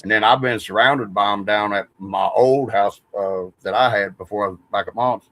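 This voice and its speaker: A man's voice: fairly low pitch, fairly even intonation, normal speed, fairly bright tone, no echo, low-quality recording. A man, rambling through stories in a casual podcast chat and swearing freely. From West Virginia. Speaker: podcast host.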